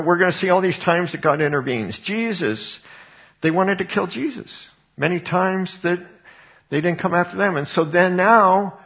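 A man's voice: fairly high pitch, gravelly, highs cut off. A man preaching a Bible teaching sermon, retelling scripture as conversational storytelling. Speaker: pastor.

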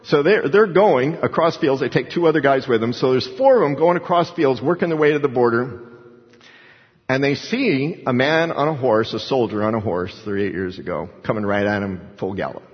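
A man's voice: medium pitch, normal speed. Impassioned preaching man in echoing hall. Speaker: pastor. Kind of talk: sermon. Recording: muffled sound with long hall reverb.

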